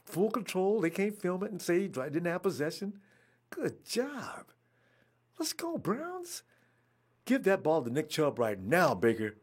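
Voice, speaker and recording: A man reacting live to a football game, excitable, talking at the players on screen and trash-talking them. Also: a little high, a little fast, hardly any pauses. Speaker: football fan watching a game.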